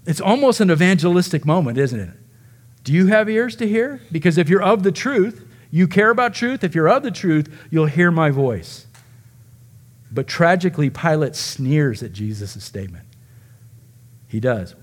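A man delivers a sermon in a somewhat high-pitched voice. He preaches with animation, slipping into dramatized quotes from the people in the passage. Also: animated, normal speed. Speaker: pastor.

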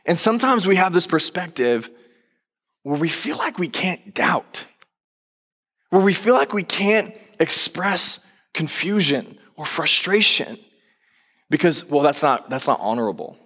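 A man preaching as a pastor, telling the story in a conversational, animated way and acting out quoted lines. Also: fairly high pitch, measured pace. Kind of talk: sermon. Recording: long reverb of a large hall.

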